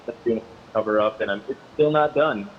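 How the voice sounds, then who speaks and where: A man, the band's drummer, calling in as a guest and answering questions in a relaxed, deadpan way. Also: fairly low pitch, brisk. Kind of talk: casual chat. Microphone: call-in line. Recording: dull call audio with faint noise.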